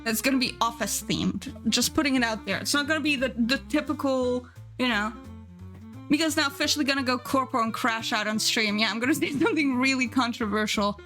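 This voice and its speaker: A bubbly young woman streams live, her voice high and bright, chatting along while she draws. She giggles easily and keeps up a stream of cheerful chatter with her viewers. Soft music plays faintly underneath. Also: fairly quick. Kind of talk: casual live-stream chat while drawing.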